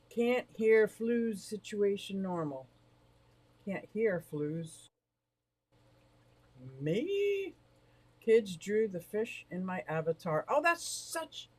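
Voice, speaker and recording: Bubbly, rambling woman hosting a livestream. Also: mid-range voice. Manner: bubbly, rambling, quick to laugh. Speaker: livestream host of an aquarium shop. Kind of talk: casual livestream chat reading viewer comments. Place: indoor room beside a fish tank.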